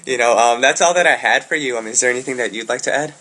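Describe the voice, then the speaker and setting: A man interviewing a singer, asking relaxed, hesitant questions. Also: mid-range voice, quick pace, slight background noise. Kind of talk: casual interview.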